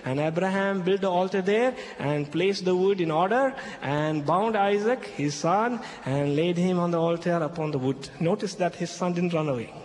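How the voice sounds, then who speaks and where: A man with a somewhat high voice explains scripture to an audience in emphatic, slightly broken English, repeating his key points. The sound bounces around a large hall with a long tail of reverb. A faint hum of background noise sits under his voice. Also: moderate pace, hardly any pauses. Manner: emphatic, repeats key phrases, checks in with "okay?". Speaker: Christian speaker addressing an audience. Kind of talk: expository talk retelling a Bible passage.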